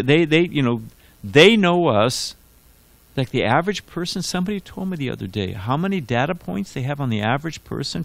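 A man's voice: on the high side, fairly bright tone, no room sound. A man giving a scripture class in a conversational, digressive storytelling manner, full of restarts and asides. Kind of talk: sermon. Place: temple hall.

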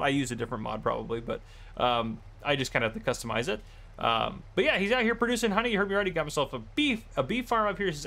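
A man's voice: fairly high pitch, expressive, racing, pushed and bright. A man casually commenting on his farming game, easygoing and rambling with lots of fillers. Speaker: gameplay channel host.

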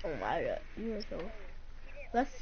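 A woman's voice: lowish voice, very animated, moderate pace, creaky. A woman streaming a video game, teasing and trash-talking her opponent in boisterous chat, laughing often. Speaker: gamer streaming a match. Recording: muffled lo-fi stream with loud noise.

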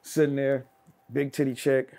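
Middle-aged guy, gravelly voice, animated storyteller who acts out every character. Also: measured pace. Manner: acts out voices of people in his anecdotes, swinging loud and high. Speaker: guest. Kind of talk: animated storytelling in casual chat.

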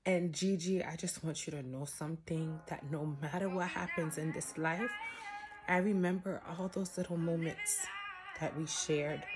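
A woman's voice: sits low, animated, normal speed. A woman recording a heartfelt graduation message for her niece, tearful and crying as she talks, earnest and rambling. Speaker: aunt giving a graduation message. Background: music.

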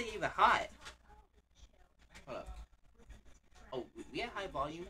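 A young male streamer giving casual, jokey reaction commentary, excitable and rambling with lots of slang. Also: a little high, unhurried, pauses often, husky.

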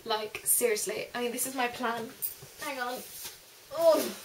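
A woman's voice: fairly high pitch, measured pace, slight background noise, rough recording. Chatty young woman vlogging. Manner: chatty, rambling, many fillers. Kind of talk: casual vlog chat.

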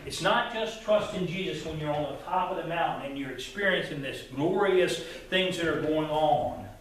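Man, pastor, sermon, high-pitched, earnest, repeats words, very echoey church hall, faint room noise. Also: fairly bright tone, recorded from a distance. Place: church sanctuary.

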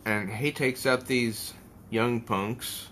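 A man's voice: medium pitch, steady tone, slow, a bit bright, slight background noise. A man giving a casual comic book review at home, rambling and thinking aloud as he pages through an issue.

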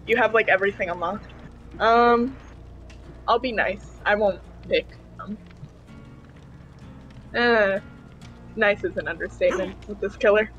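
A man's voice: sits high, unhurried, pauses often, bright, forceful tone, faint music behind. A man talking casually with friends over voice chat during a game, laid-back and joking. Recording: dull lo-fi voice chat.

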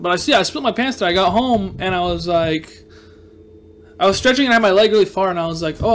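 A young man with a notably high-pitched voice gives casual let's play commentary. He is excitable and self-mocking, yelping and groaning as each shot lands or misses. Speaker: gaming video host.

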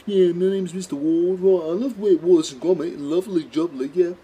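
A man putting on a husky, high, muffled voice as a dim but self-assured male maths teacher. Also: steady tone, fairly quick, dark tone. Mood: smug.

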